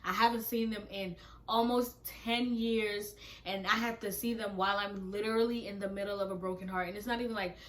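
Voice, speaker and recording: Speaking English with Nigerian heritage, a young woman with a mid-range, brisk voice shares a casual storytime vlog. She animatedly acts out her texts and launches into heated bursts.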